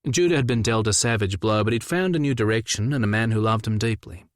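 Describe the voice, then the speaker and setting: A man's voice: on the low side, quick pace, no room sound, clean studio sound. Man narrating a first-person audiobook.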